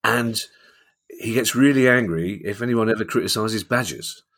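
A man's voice: fairly low pitch, normal speed, a bit bright, a little hiss or hum. A man with a London accent co-hosting a football finance podcast, chatting casually and telling jokey stories. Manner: jokey, anecdotal. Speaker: podcast co-host. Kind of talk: casual chat.

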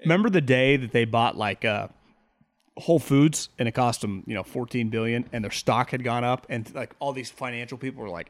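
A man co-hosting a sports podcast, telling animated, jokey stories in casual banter. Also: medium pitch, fairly quick. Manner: animated storyteller, jokey asides. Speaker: sports talk podcast co-host.

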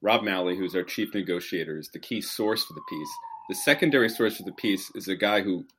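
A man discussing politics in a casual conversation, measured and explanatory. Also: low voice, fairly bright tone, slight background noise.

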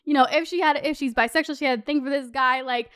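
A young woman telling a story in casual chat, animated and swearing, full of "like" fillers. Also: high voice, fast. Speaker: podcast host.

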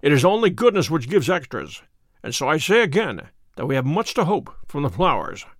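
A man voicing Sherlock Holmes, a musing, brisk male detective, in a dry read story. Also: on the high side, very animated, no echo.

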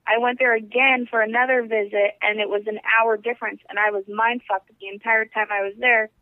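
A woman co-hosts a podcast with dry, teasing, matter-of-fact remarks. Her voice sits a little high. It comes through a tinny, phone-like line with no room sound. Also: little pitch movement, brisk, no echo. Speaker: podcast co-host. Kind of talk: casual podcast chat.

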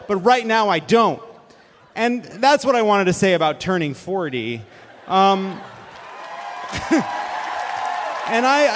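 A man in his forties hosts a live comedy show on a theater stage, rambling and making fun of himself, and he breaks into shouts now and then. His voice sits high, and the long reverb of the hall carries it, with a faint murmur from the audience behind him. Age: 40s. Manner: rambling, self-mocking, bursts of shouting. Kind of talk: live stand-up banter. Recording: reverberant venue with crowd noise.

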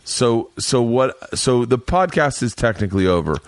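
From his home man cave, a male podcast host chats casually, rambling through stories and swearing plenty. His medium-pitched voice is animated and moderately paced, recorded in clean studio sound with no room sound.

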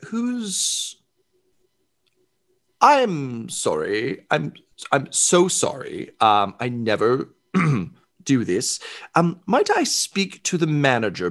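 A man's voice: fairly high pitch, big pitch swings, drawn-out words, fairly bright tone, pitched above the performer's own voice, full character voice. A man voicing a haughty female familiar inside a hollow suit of armor, regal and entitled. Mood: indignant. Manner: imperious, entitled complaining.

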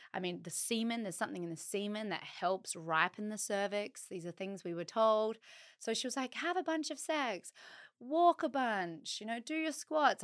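A woman's voice: medium pitch, smooth, no room sound, studio quality. A woman in her thirties co-hosting a podcast, telling a personal story in casual chat and acting out what people said. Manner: animated storyteller, acts out quotes with laughs. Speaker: podcast co-host.

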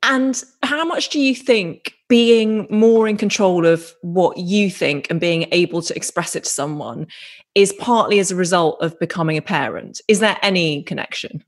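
A woman's voice: lowish voice, moderate pace. A woman in her forties hosting an interview, agreeing with her guest and asking thoughtful questions. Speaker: podcast host. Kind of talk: interview chat.

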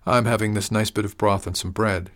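A man's voice: lowish voice, fairly even intonation, a little fast, fairly bright tone, close to an everyday voice. A man voicing a young woman recovering from a fever, who speaks in a hesitant, earnest, rustic way.

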